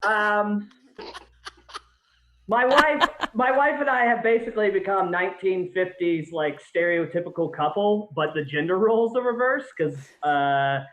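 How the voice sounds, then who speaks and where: A man's voice: high-pitched, unhurried, a bit bright. A man in his thirties rambles through a self-mocking stand-up set from his home over a video call, swearing freely and laughing at his own jokes. The room sounds roomy and echoey, with a faint hiss of background noise. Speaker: stand-up comic. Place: home during quarantine.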